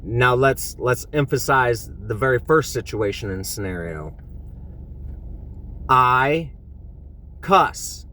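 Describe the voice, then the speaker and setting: A man's voice: medium pitch, animated, moderate pace, hardly any pauses, a bit bright. An emphatic man giving a heartfelt faith talk. He leans on repetition and casual slang, pressing each point hard, with a mid-range voice. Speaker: truck driver sharing faith.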